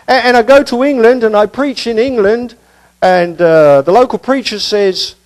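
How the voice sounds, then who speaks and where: A man's voice: sits high, expressive, a little slow, long pauses, a little mellow, poor audio. A male preacher giving a conversational expository sermon, with casual asides and rhetorical questions.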